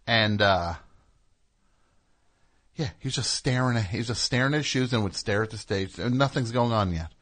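A man's voice: fairly low pitch, moderate pace, pauses often, fairly bright tone. A man from New Jersey hosting a radio show, telling a rambling anecdote and acting out what people said. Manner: rambling anecdote with acted-out quotes. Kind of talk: casual storytelling chat.

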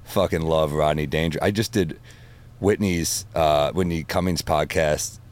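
A man, a comedian guest, telling animated stories with a lot of swearing in a casual podcast chat. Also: a bass voice, unhurried, background noise.

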